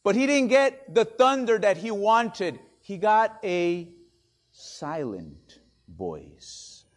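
A man's voice: high voice, big pitch swings, slow pace. A male pastor whose first language is Spanish, preaching a sermon with dramatic drops to near-whispers for emphasis. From Spanish-speaking country.

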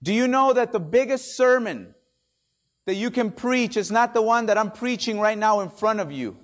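A high-pitched, expressive man delivers a sermon at normal speed. He's a pastor from a Spanish-speaking country with Spanish as his first language, and he sinks to near-whispers for dramatic emphasis.

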